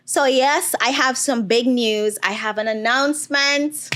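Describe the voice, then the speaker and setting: A woman in her thirties hosts her own casual solo podcast, speaking a little slowly with hardly any pauses in a fairly bright voice on the high side. She's candid, chatty and emotional, using lots of fillers and fighting back tears.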